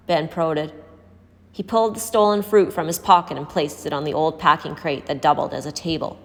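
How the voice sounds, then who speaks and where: A woman teacher reading a novel aloud to a class, expressive and changing her voice for each character. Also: sits low, fairly quick. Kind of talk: read-aloud storytelling. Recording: echoey hall with long reverb.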